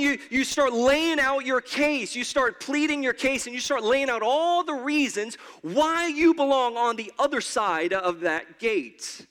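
A man's voice: very high voice, expressive, normal speed, hardly any pauses, a bit bright. A man pastor preaching a sermon in a church in a conversational way, often stammering and repeating his words. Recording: long hall reverb.

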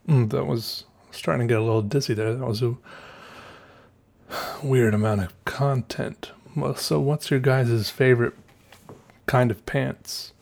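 A man with a light Southern US accent chats to his viewers in an unhurried, wandering way. He stops to correct himself and muses out loud, trailing off and circling back to his thoughts. His voice sits at an ordinary middle pitch. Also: gravelly. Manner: meandering, self-correcting, musing aloud. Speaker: vlogger. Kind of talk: casual rambling monologue.

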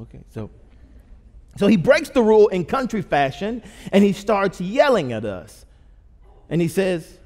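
High-voiced pastor in his thirties. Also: very animated, normal speed. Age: 30s. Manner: humorous, engages the audience with questions. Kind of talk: storytelling sermon. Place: church auditorium. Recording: long hall reverb.

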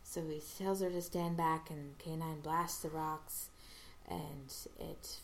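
Low gravelly woman slowly retelling a show episode, stops and restarts a lot. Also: fairly even intonation, a little hiss or hum. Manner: halting, restarts, acts out quoted lines. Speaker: episode recapper. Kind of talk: casual episode recap.

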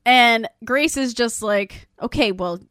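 A woman's voice: slow, no echo, studio quality. A woman in casual chat recapping a TV episode, acting out the characters' lines with big leaps in her voice. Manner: animated, acts out characters' lines with big jumps in pitch. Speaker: co-host recapping a show.

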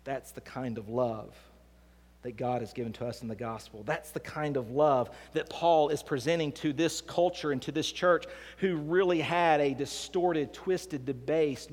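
A man preaching a sermon as pastor, swinging between hushed and emphatic delivery. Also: medium pitch. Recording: long hall reverb.

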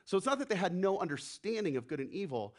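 A man preaching a sermon as the pastor, animated, acting out the voices he quotes and dropping to a hush for emphasis. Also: high voice, quick pace.

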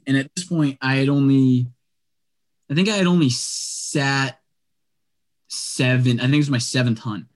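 A man telling a story in casual conversation, animated and rambling, with a lot of "like" fillers. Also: mid-range voice, moderate pace. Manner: animated, rambling, heavy use of "like".

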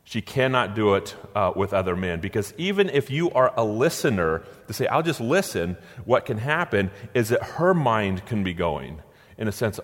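A man's voice: on the low side, very animated, normal speed. A middle-aged man preaching in a conversational way, acting out quotes with a playful touch. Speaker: pastor. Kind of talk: sermon. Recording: long hall reverb.

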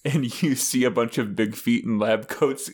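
Playful podcast guy, middle pitch, telling a silly made-up scene with laughs. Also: moderate pace, husky. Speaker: podcast co-host. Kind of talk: casual chat.

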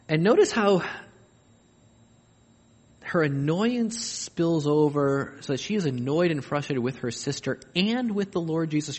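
A man delivers a sermon with a somewhat high voice that rises and falls as he acts out quoted voices. He mixes humorous asides into the preaching. His words ring out with a long reverb, as in a big hall. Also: breathy edge. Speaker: pastor.

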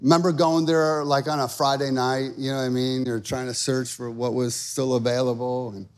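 A man's voice: mid-range voice, flat delivery, moderate pace, a little mellow. A man in his thirties preaching a sermon, telling stories with lots of fillers and building to emphatic calls. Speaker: pastor.

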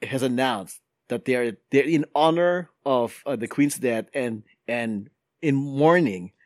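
A man hosting a casual podcast chat, animated and laughing often as he reads out news items. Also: medium pitch, a little slow, no room sound, studio quality. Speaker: podcast host. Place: London.

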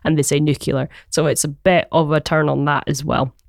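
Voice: medium pitch, level tone, a little fast, gravelly, no echo, studio quality. A Glaswegian songwriter from Scotland, chatting as a podcast guest in a rambling, hesitant way with many ums and laughs. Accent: Glaswegian Scottish. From Glasgow, Scotland. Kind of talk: casual podcast chat. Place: podcast recording.

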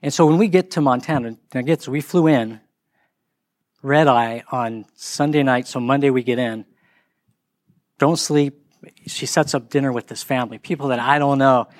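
A man's voice: moderate pace, dry recording. A middle-aged man telling a casual story, acting out the people he quotes. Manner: animated, acts out quoted voices in higher pitch.

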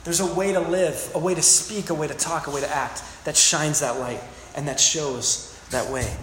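A man's voice: fairly high pitch, steady tone, normal speed, fairly bright tone. A man preaching a sermon, emphatic, repeating phrases and asking the congregation questions. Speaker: pastor. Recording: very echoey hall, faint room noise.

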